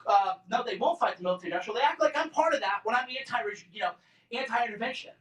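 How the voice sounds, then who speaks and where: A man in his forties, there as an invited speaker, uses put-on voices to mock others in a sarcastic, combative talk to students. He sounds very high-pitched, expressive, and a little fast. The college lecture room audio is roomy, far from the mic.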